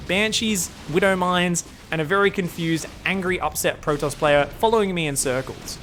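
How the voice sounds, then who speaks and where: Slightly high-voiced, rambling, profane male caster. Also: normal speed, hardly any pauses, a bit bright, a little hiss or hum. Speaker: game streamer and caster. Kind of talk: casual game commentary.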